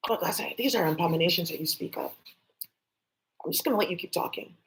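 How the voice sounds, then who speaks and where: A fast-talking woman with a lower voice rants on a livestream, agitated and cursing, replying to unseen voices that no one else can hear, over heavy background noise.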